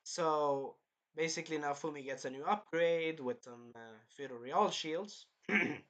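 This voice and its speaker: A man's voice: a little high, unhurried, fairly bright tone. A man giving a casual, rambling, jokey recap of an anime episode as a reviewer.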